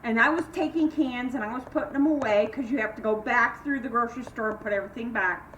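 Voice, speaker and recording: A woman's voice: fast talker, lo-fi sound. An older woman vlogging from home in casual chat, rambling through stories and acting out what people said. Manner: chatty, rambling, acts out quoted voices with sharp jumps in pitch. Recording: echoey room, mic at a distance, faint hiss.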